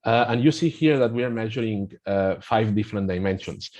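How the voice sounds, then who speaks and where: A man with a Spanish accent, a native Spanish speaker, explaining a pronunciation app in a webinar in a halting way with frequent restarts. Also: on the low side, a little mellow. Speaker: guest presenting a pronunciation app.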